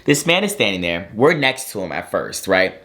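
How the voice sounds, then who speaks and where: A young man telling a story to viewers in an animated way, with many fillers like "like" and "um". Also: lowish voice, moderate pace. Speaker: co-host, son.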